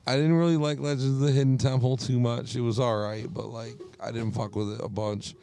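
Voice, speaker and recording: A man's voice: mid-range voice, little pitch movement, a little fast, vocal fry, dark tone. A man co-hosting a casual podcast, laid-back and swearing often, calling his friend bro. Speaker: podcast co-host. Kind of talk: casual chat.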